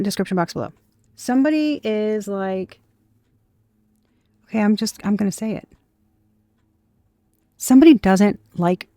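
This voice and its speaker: A woman's voice: medium pitch, dark tone, no echo, clean studio sound. A woman doing a casual tarot reading to camera, blunt and scornful, swearing freely. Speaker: tarot reader.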